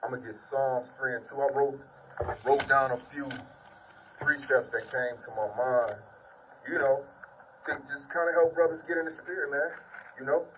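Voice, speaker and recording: A man's voice: mid-range voice, steady tone, normal speed, pauses often, a bit bright, distant mic, a little hiss or hum, poor audio. A man giving an informal sermon and testimony, reading scripture and preaching earnestly, repeating "man" often while sitting on the ground. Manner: earnest, repetitive, peppers speech with "man".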